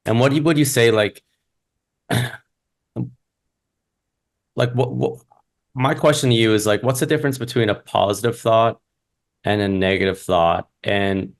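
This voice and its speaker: A man with a very low voice hosts an interview. He asks long, searching questions, thinking aloud with the odd filler word as he goes. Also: a little slow, long pauses. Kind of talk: conversational interview.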